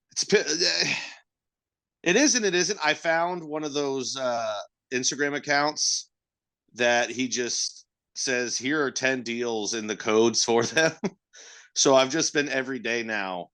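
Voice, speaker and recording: Male podcast co-host, bright tone, rambling, profane, self-mocking casual chat. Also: medium pitch, a little slow.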